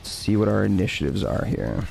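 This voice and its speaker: A man narrating as game master in a tabletop game, unhurried and full of fillers. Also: fairly low pitch, vocal fry, soft background music. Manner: relaxed, many fillers, unhurried.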